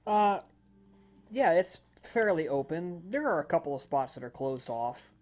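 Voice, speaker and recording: Mellow-voiced man running a tabletop game. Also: on the high side, sing-song, measured pace. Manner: rambling, lots of fillers and restarts. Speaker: game master.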